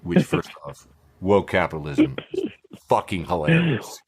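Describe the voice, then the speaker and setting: Sarcastic, lively-voiced male podcast host. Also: fairly low pitch, unhurried, gravelly. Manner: sarcastic, laughs often, swears freely. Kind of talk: casual commentary reading social media posts.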